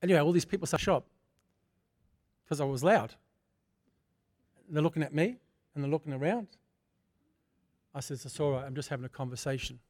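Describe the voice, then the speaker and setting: An older man preaching a sermon, moving from prayer into a personal testimony told in a fervent, conversational way that swells to loud bursts. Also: fairly high pitch, fairly quick, long pauses. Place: church.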